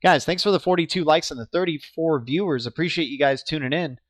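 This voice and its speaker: A man's voice: fairly high pitch, brisk, dry recording, studio quality. A young man of Cuban background hosting a crypto livestream, chatting casually with viewers and often stumbling and repeating words.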